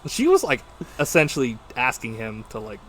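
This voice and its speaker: A young man co-hosting a casual podcast about movies, retelling scenes in a lively, profane way and acting out the lines. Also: medium pitch, moderate pace, a loud crowd. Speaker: podcast co-host.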